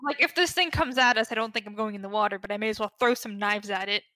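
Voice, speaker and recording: A woman's voice: mid-range voice, fast talker, pushed and bright. A woman playing a tabletop game, speaking casually and sometimes scolding in character. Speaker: player.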